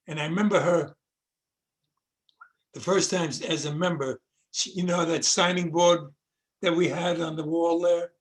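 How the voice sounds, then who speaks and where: A man interviewing a former student over a video call, reminiscing and hesitant, repeating words. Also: on the high side. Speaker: interviewer, acting teacher. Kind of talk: casual interview.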